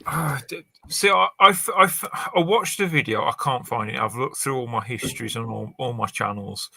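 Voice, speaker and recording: A man's voice: medium pitch, moderate pace, gravelly, bright, forceful tone, no echo. A man in a casual chat, stammering and restarting as he talks.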